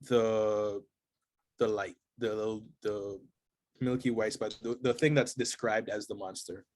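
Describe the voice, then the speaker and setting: A man playing a tabletop game, halting and playful, laughing between his lines. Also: fairly low pitch, steady tone, a little mellow. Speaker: player.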